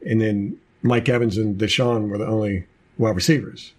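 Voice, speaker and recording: Husky-voiced man reading a sports roster. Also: lowish voice, normal speed, a little mellow. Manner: reads through a depth chart, with jokey asides. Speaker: podcast co-host. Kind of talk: casual sports chat.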